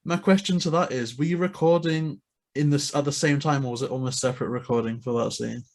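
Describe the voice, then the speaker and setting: A man's voice: medium pitch, fairly even intonation, fast talker, a little mellow. A man hosting an interview, eager and chatty, laughing between questions. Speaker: interview host. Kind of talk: casual interview chat.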